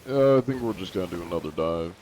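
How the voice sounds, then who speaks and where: A man's voice: low-pitched, lively intonation, fast talker, darkish tone, a little hiss or hum. A young man streaming live, chatting casually with viewers and joking at his own expense. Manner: jokey, self-deprecating, answers chat.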